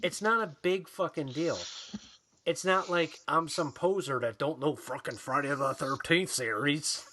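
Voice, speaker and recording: A man's voice: fairly high pitch, unhurried, bright, forceful tone, slight background noise. A man co-hosting a podcast in casual, profane chat, ranting and mocking people in put-on voices. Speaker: podcast co-host.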